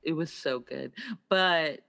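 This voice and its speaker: A relaxed speaker chatting casually about food, laughing often. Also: mid-range voice, takes it slowly, creaky. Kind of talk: casual chat.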